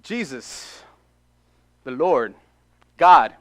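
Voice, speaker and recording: A male pastor preaching a sermon in an animated way, acting out short dialogues and repeating phrases for emphasis. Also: fairly high pitch, drawn-out words. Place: church.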